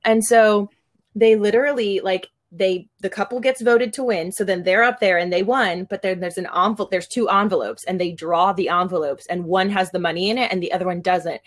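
A woman's voice: medium pitch, fairly even intonation, brisk. Chatty young woman co-hosting a podcast. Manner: chatty, fills talk with "like". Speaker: podcast co-host. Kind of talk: casual chat.

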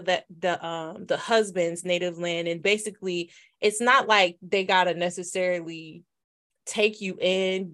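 A woman's voice: lowish voice, a bit bright. A woman co-hosting a casual faith podcast, retelling a Bible story in a chatty way and laughing now and then. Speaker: podcast co-host.

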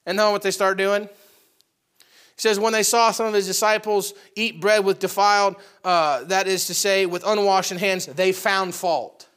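Speaking to his flock in a smooth, high-sitting voice, a pastor preaches a little slowly and conversationally. He alternates loud, animated bursts with hushed asides.

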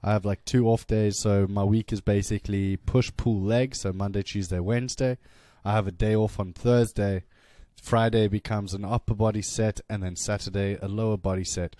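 A young man trades cocky, crude jokes on a casual podcast and laughs often. His voice sits low, and the recording is dry and close. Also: steady tone, normal speed, hardly any pauses, warm tone, no room sound. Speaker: podcast co-host.

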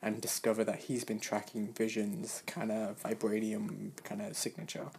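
A man casually recapping a TV episode, measured and hedging with lots of "kind of" and "basically". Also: fairly low pitch, flat delivery, creaky, a little mellow, slight background noise.

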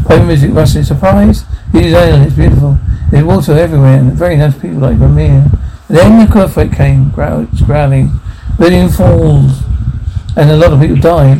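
A man's voice: fairly high pitch, gravelly, noisy background. A man reading a film's dialogue and sound captions aloud, doing every part and cue in one voice.

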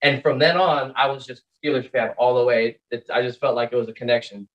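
A young man from the Pacific Northwest, a podcast guest telling stories excitedly in casual chat, with fillers. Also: medium pitch, fast. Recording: dull lo-fi sound.

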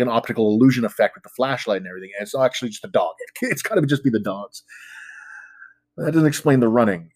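This male storyteller guest has a mid-range, darkish voice recorded without echo. His spooky story comes out casual and rambling, stuffed with fillers, especially "like," with occasional self-deprecating jokes.

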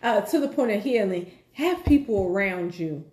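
A woman's voice: medium pitch, animated, normal speed, a little mellow. Encouraging woman host in an echoey room. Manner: encouraging, preacher-like. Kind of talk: faith-based talk show.

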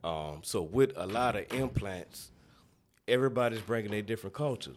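A man's voice: on the low side, moderate pace, slight background noise. A man with a New Orleans accent, a podcast guest telling stories in a laid-back way and laughing often. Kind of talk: casual storytelling.

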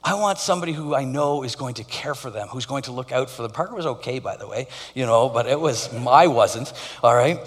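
A male pastor giving a conversational sermon with animated storytelling. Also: mid-range voice, fairly quick, few pauses, slightly rough, in a large hall.

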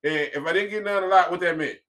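Loud, profane man with a high voice. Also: fast talker, far from the mic. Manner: loud, profane, animated talker. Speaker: co-host. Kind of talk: casual couple's podcast chat.

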